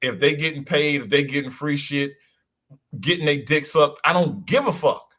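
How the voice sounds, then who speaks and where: A man's voice: a little high, normal speed, a bit bright. A man co-hosting a casual chat, talking bluntly in slang and swearing freely. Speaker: co-host.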